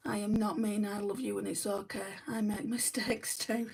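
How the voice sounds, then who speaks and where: A woman's voice: medium pitch, level tone, normal speed, creaky, a little mellow, slight background noise. A young woman hosting a makeup livestream at home, chatting casually and answering viewer comments one by one. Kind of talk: casual live chat while doing makeup. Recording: voice a bit distant from the mic.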